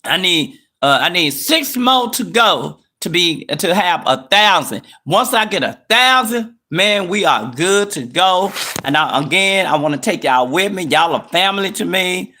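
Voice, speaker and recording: This is a young man hosting a live news stream. His voice sits high and swoops around with a bright, forceful edge. He talks in a loose, chatty rush and keeps calling out to his viewers. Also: unhurried. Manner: excited, chatty, addresses viewers as y'all.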